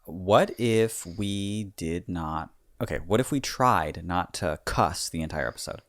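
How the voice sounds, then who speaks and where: A man co-hosting a podcast in casual, rambling banter, playful and quick to laugh. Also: low voice, no room sound, clean studio sound. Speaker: podcast co-host.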